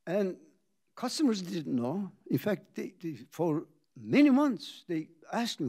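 An older man with a slightly higher voice recounts how he founded his company. He pauses for effect and acts out the conversations he remembers. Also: very animated, a little mellow. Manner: dramatic pauses, acts out quoted dialogue. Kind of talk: reflective storytelling talk.

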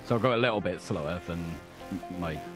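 A man's voice: low voice, fast talker, music in the background. A man playing in a tabletop game, brash and profane. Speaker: player.

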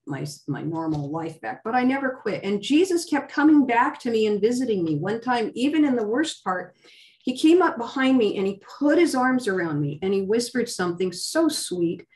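A woman's voice: mid-range voice, darkish tone. A woman guest sharing an emotional personal testimony in a fervent way, often restarting and pushing her voice up for emphasis. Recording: voice distant from the mic.

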